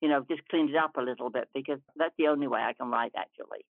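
A woman's voice: very deep voice, no room sound. Woman guest, chatty and spontaneous, on a narrow phone-like line with no room sound. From New Jersey, USA. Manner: spontaneous and chatty, with short pauses between phrases. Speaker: guest author. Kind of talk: casual interview answers and reading a short story aloud.

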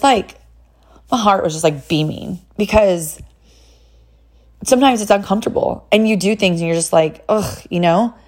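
A woman from California, a mother, telling personal stories in a casual monologue, chatty and full of "like" fillers. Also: medium pitch. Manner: chatty, frequent "like" fillers, animated retelling with quoted voices.

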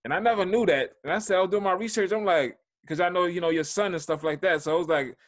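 A man interviewing a guest, asking questions in a halting way full of fillers. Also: sits high. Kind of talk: casual interview.

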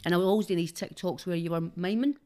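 A woman with a broad Glaswegian accent talks on a podcast in a rambling, sweary, laughing way. Her voice sits a little low, and she talks close to a studio microphone. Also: quick pace, a little mellow. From Glasgow's East End, Scotland. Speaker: guest, social media personality. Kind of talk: casual podcast chat.

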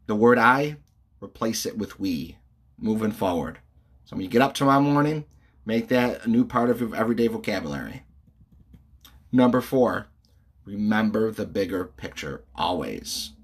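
A man giving a motivational talk as a leadership coach, speaking bluntly and emphatically straight to his viewers. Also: mid-range voice.

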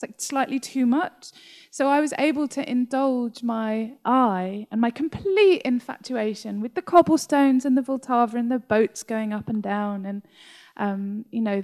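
English lady author chatting at a library talk, lively, gravelly fry in her voice. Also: fairly high pitch. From England. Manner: animated, laughing storyteller. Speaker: author guest. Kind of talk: interview conversation.

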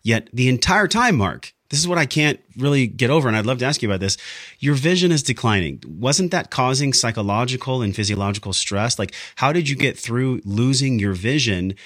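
A man's voice: mid-range voice, animated, a little fast, fairly bright tone, no echo. A man hosting a podcast, asking his guest questions in an enthusiastic and effusive way. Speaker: podcast host. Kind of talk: interview questions. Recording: dry close sound.

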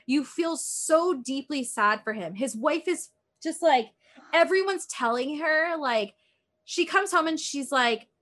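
A woman's voice: sits high, expressive, measured pace, fairly bright tone. A woman chatting casually as a podcast co-host, retelling a true-crime episode in a rambling way, full of "like" and acted-out quotes. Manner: rambling, heavy use of "like", acts out quotes.

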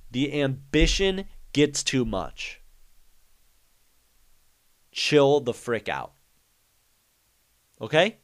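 A young man talks through his solo podcast at an unhurried pace, his voice smooth and clean. He rambles, jokes and slides into half-serious rants as he goes. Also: mid-range voice. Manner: rambling, joking, ranting. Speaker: podcast host. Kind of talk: casual solo monologue.

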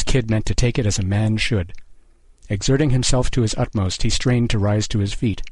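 A man reading a short story aloud as narrator, in a steady, measured way. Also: on the low side, breathy edge, no echo.

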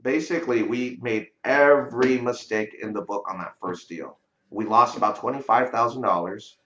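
His voice fairly low and a bit bright, a real estate investor guest tells a story in a casual interview. He talks conversationally, peppering his speech with "you know" and "right?", on dull lo-fi audio recorded in a roomy space.

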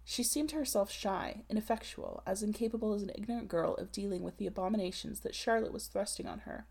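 A woman reads a classic novel aloud in a measured, literary manner. Her voice is husky and breathy, with a gravelly fry at the ends of phrases, at a middling pitch. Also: a little mellow. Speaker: audiobook narrator. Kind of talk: scripted narration of a classic novel.

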